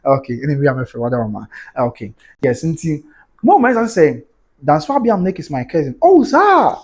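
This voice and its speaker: A Ghanaian man hosting a casual livestream news commentary, animated and exclamatory, mixing Twi with English. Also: a little high, brisk, breathy edge.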